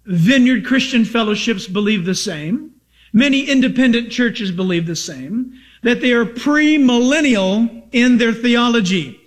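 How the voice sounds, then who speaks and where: A man preaching a sermon as a pastor, emphatic and repetitive, asking rhetorical questions and sounding excited and over-caffeinated. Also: extremely high pitch.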